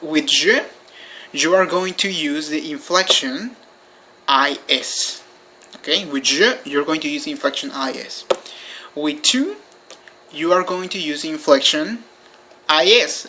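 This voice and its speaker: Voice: medium pitch, bright, forceful tone, a little hiss or hum. A language teacher giving an informal recorded lesson, patiently repeating points and spelling word endings letter by letter. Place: indoors by a window.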